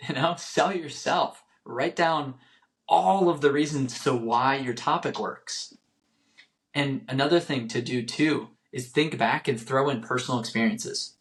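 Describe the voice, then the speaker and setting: Young male podcast host at mid pitch, earnest, repeats himself for emphasis. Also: a little slow. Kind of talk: solo motivational podcast talk.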